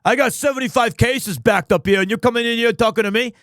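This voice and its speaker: A dim, gruff Bronx cop, as a streamer puts him on, grumbling in a put-on New York accent. He sounds harried and blustery, talking quickly, with the voice dropped a little lower than the man's own. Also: a bit bright, no echo, studio quality. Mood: exasperated. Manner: blustery, complaining.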